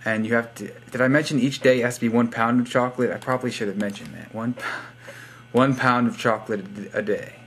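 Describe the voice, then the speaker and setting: A man's voice: medium pitch, fairly quick, a bit bright, a little hiss or hum. A young man vlogging casually from his computer, joking in a silly, rambling way and now and then slipping into put-on accents. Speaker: YouTube vlogger giving shoutouts. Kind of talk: rambling casual vlog monologue. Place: home room at a computer.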